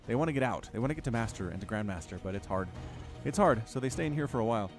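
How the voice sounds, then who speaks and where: A man's voice: mid-range voice, expressive, racing, faint music behind. A man giving solo play-by-play commentary on a strategy game match, chatty and rambling, with self-deprecating jokes.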